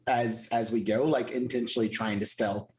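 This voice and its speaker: A man's voice: lowish voice, steady tone, moderate pace, a little mellow, a little hiss or hum. A man playing in a tabletop game, describing his character's actions in a hesitant way, repeating words. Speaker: player. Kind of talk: casual tabletop play.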